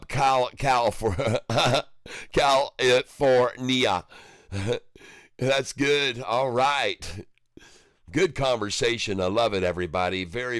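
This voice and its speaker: A man's voice: lowish voice, a bit bright, smooth, no room sound, clean studio sound. Jovial man hosting a livestream. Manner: jovial, laughs often, upbeat banter with viewers. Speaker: stock market livestream host. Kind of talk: casual livestream chat, reading viewer comments aloud.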